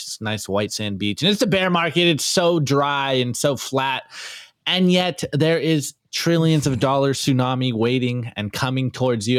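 Man, podcast host, fairly high voice, dry close sound, energetic, slangy, laughing. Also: no room sound. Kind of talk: casual meme review.

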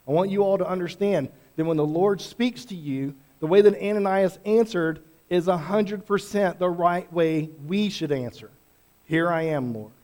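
A man preaching a sermon in a conversational, animated way, acting out quotes as he teaches. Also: high-pitched. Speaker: pastor.

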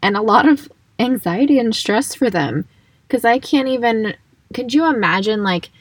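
A woman's voice: mid-range voice, husky, dry recording. A woman co-hosting a podcast, chatting casually about a book and laughing often. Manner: chatty, laughs often, reads passages aloud. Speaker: podcast co-host.

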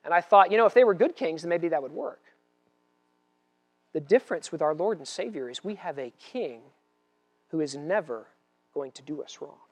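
Animated preaching man, loud then hushed. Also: a little high, moderate pace, pauses often. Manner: animated preaching, swinging from loud declarations to quiet asides, with humor. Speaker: pastor. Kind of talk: sermon.

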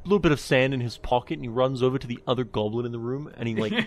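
A man playing a tabletop game, describing his character's actions in quick, halting phrases. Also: medium pitch. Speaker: player.

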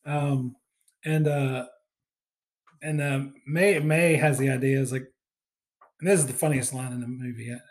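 A man's voice: medium pitch, steady tone, a little slow, pauses often. A man chatting casually on a podcast, recapping a movie with lots of fillers and acted-out quotes. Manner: rambling, many fillers, acts out quoted lines. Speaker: podcast co-host.

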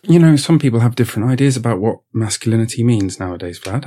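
A man's voice: medium pitch, fast, dark tone. Exasperated sarcastic man ranting. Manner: exasperated, sarcastic, rambling with stammered restarts. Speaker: podcast host in a sketch. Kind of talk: comedy sketch.

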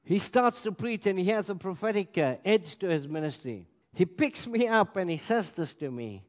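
Male pastor, high tone, emphatic sermon delivery, reverberant church hall. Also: very animated, normal speed. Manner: emphatic preaching with sudden loud and quiet swings. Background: congregation.

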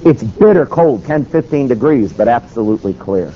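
A man's voice: medium pitch, animated, normal speed. A man preaching a sermon, telling a story dramatically and acting out the dialogue. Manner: dramatic, acts out quoted dialogue. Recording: dull lo-fi recording with faint noise.

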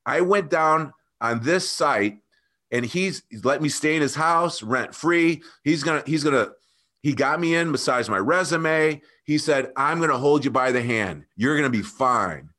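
A man guest telling an emotional personal story, earnest and animated, often calling the host by name. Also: a little high, a little slow. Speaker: podcast guest.

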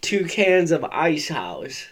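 Slow-talking profane male storyteller. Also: on the high side, sing-song. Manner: profane, rambling, laughs through the story. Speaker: podcast host. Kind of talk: casual storytelling.

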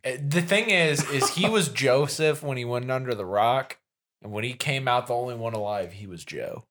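A man's voice: medium pitch, normal speed, background noise. A young man in casual podcast chat who reacts with disbelief and makes wry jokes. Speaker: podcast co-host.

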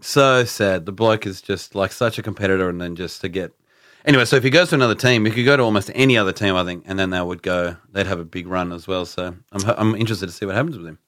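A man's voice: sits low, fast talker, fairly bright tone, no room sound, clean studio sound. A man co-hosting a casual sports chat, enthusiastic and rambling. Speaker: podcast co-host.

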